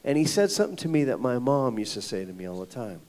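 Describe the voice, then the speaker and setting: A man giving a personal testimony at a ministry gathering, telling his story in a casual, slangy way, swinging between loud and whispered. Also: mid-range voice, expressive, quick pace. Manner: casual, slangy storytelling with frequent 'like' and 'dude'. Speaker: guest speaker at ministry event.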